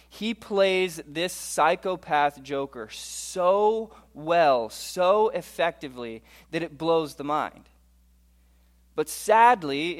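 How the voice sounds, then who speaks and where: A man in his thirties giving a conversational presentation to a live audience, often asking them questions and saying "okay". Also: on the high side. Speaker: speaker addressing a live audience.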